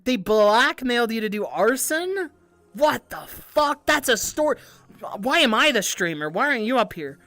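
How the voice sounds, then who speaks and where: A young woman streamer chatting casually with viewers, animated and giggly, swearing often and stumbling over restarts. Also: a little high, moderate pace, no echo. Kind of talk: casual livestream chat.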